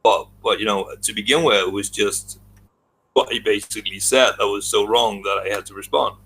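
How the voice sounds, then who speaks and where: A man chatting casually on an online voice call, animated and swearing freely. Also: fairly low pitch, moderate pace, slightly rough, low-quality recording.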